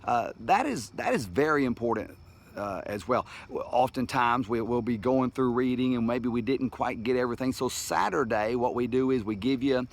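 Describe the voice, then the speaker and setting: A middle-aged man, a pastor giving a daily devotional talk in a folksy, earnest way, often restarting his sentences and slowing down to stretch words for emphasis. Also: medium pitch.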